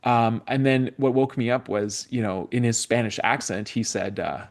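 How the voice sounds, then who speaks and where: A man from Canada hosts a relaxed podcast chat, his voice sitting at an ordinary middle pitch. He rambles through his stories, full of likes, ums and false starts. The delivery is easygoing and conversational. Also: fairly quick, few pauses. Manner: rambling, many fillers and restarts. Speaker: podcast host. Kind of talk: casual conversational interview.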